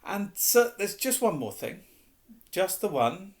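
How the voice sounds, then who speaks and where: A man's voice: high voice, very animated, takes it slowly, voice pushed up, heavily acted. A man voicing an earnest young boy wizard, eager and pleading.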